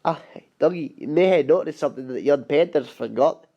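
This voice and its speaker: A man voicing a gruff male steam engine with a put-on Scottish accent and a hearty, rolling lilt. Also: a little high, brisk, highs cut off.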